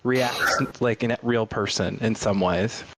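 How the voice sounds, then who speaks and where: A man's voice: on the low side, slow, background noise. A man co-hosting a podcast who talks casually and enthusiastically, thinking aloud. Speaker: podcast co-host. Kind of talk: casual chat.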